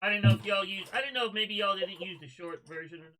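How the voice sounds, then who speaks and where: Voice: mid-range voice, fast talker, bright, forceful tone. A speaker chatting and teasing in a laid-back drawl while building a model. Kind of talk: casual chat while building.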